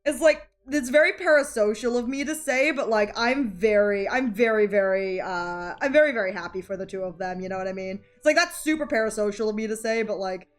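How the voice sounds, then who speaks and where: A woman streaming while drawing, chatting casually in a rambling, giggly way and swearing now and then. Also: medium pitch. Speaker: art streamer.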